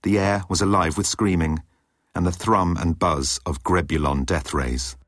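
A man narrating an audiobook in an expressive reading style. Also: deep voice, measured pace, no room sound, clean studio sound. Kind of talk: scripted narration.

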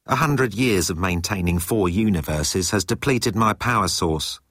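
Low calm robot bird, man doing it, slow and precise, a bit husky. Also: no echo, studio quality.

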